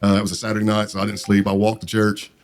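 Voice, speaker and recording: A man's voice: lowish voice, monotone, very fast, a little mellow. A man telling a long personal story in a casual, rambling way, with many fillers and restarts. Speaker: podcast guest.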